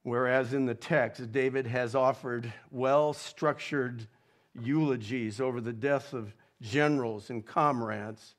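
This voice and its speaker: A male pastor delivers a sermon at an unhurried, deliberate pace. His voice sits in an ordinary middle pitch, and he lingers over words and reads quotations with feeling. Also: fairly even intonation. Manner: slow, measured preaching with dramatic readings of quotes.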